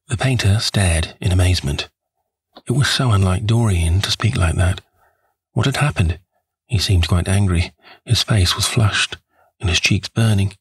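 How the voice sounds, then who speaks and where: A man narrates a classic novel in a measured, expressive way. His voice is low and noticeably breathy. The recording is close and completely dry. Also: dry recording. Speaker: audiobook narrator. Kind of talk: scripted narration.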